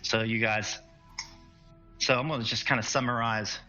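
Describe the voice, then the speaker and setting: A man running a tabletop role-playing game, narrating the scene and explaining the plot with a relaxed, filler-heavy manner. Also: mid-range voice, moderate pace, dull audio, faint music behind. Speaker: game master.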